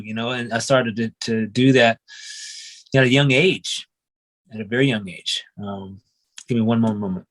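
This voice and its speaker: A man's voice: medium pitch, steady tone, normal speed, a bit bright. A young man, a qigong and breathwork instructor, telling his life story in a casual, reflective way, often saying "you know" and "man". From United States (grew up in Oregon).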